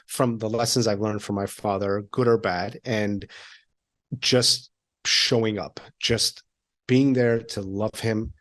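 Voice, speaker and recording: A man's voice: fairly low pitch, fairly even intonation, takes it slowly, a bit bright. Candid man laughing through a podcast chat. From Iranian heritage. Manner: candid, laughs often, acts out quotes in a raised voice. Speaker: podcast guest. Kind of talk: conversational interview.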